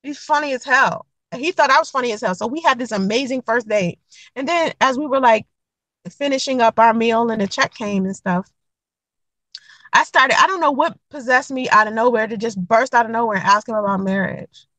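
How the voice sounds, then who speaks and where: A woman's voice: a little high, brisk, no echo, poor audio. Blunt, profane woman telling a story. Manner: blunt, profane, animated retelling with acted quotes. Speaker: vlogger giving dating advice. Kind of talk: casual storytelling to camera.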